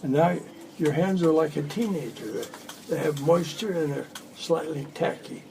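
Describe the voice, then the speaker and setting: Gravelly and dark-toned, a man in his 80s speaks at a moderate pace in a slightly high voice, with some hiss or hum on a poor recording. A magician at home, he chats casually and spins rambling jokes as he performs tricks.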